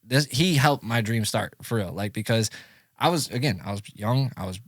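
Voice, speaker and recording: Guesting on a laid-back podcast, a thirtysomething producer and engineer from Syracuse, New York, recounts his path at a moderate pace. He animates quoted dialogue with large leaps in pitch, and the studio recording is clean and dry.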